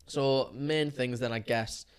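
A man's voice: mid-range voice, fairly even intonation, takes it slowly, smooth. A man chatting about a film as podcast co-host, rambling and hesitant. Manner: rambling, hesitant, many fillers and restarts. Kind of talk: casual film chat.

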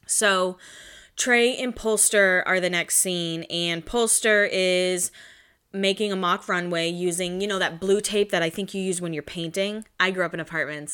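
Chatty young woman with a smooth voice. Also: fairly low pitch, fairly bright tone. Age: 20s. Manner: chatty, swears often, acts out quotes. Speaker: show recap host. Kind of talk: casual reality-show recap.

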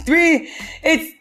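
A woman hosting a podcast riffs in a casual, comedic way, her voice sitting high. She's animated and jokey, frequently slipping into quick impressions.

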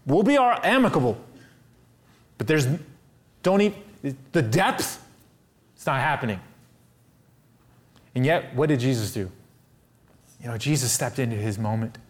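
A man preaching a sermon as pastor, earnest and urging, with his voice climbing to raised emphatic peaks and dropping low to drive a point home. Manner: earnest, building to raised emphatic peaks, often saying "listen".

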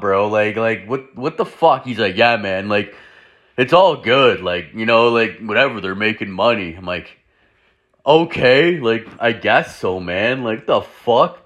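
A young man with a bright, edgy tone tells a long crude anecdote in loose, casual chat. He swears constantly and packs his talk with fillers. He quotes both himself and his friend as the story goes. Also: lowish voice, highs cut off. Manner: profane, rambling, quotes friends in dialogue with many fillers.

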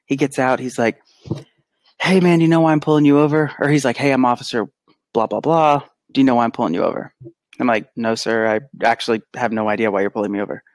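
A man co-hosting a podcast, telling an animated, casual story and acting out the quotes. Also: mid-range voice, quick pace, no echo. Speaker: podcast co-host; pediatric physical therapist. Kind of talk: casual chat.

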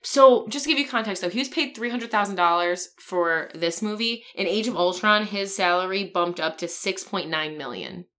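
A woman's voice: medium pitch, moderate pace, hardly any pauses, fairly bright tone. A woman co-hosting a casual movie podcast, chatty and full of filler words. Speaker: podcast co-host.

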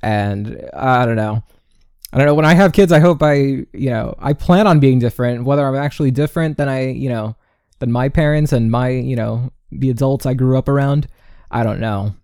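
Recorded in an indoor home setup, this twenty-something podcast host rambles alone and swears at will, sprinkling in Spanish words. He speaks at a normal pace in a medium, slightly mellow, clean voice, with no room sound and a clean studio finish.

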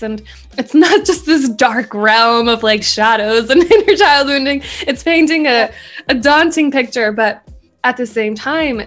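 Earnest woman, reflective flowing speech. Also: fairly high pitch. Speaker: podcast guest. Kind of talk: casual conversation.

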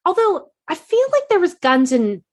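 A woman's voice: very high voice, very animated, moderate pace. A young woman co-hosting a casual podcast, gushing about favorite scenes and quoting lines. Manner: enthusiastic, gushing, quotes scenes. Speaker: podcast co-host. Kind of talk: casual chat.

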